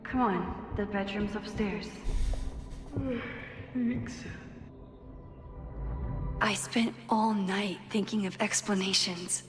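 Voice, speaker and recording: An actress playing a thoughtful young woman, speaking a soft, introspective inner monologue in a game. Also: medium pitch, steady tone, slow pace, pauses often, natural voice. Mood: reflective. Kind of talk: game character narration. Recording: game audio with long reverb and faint music.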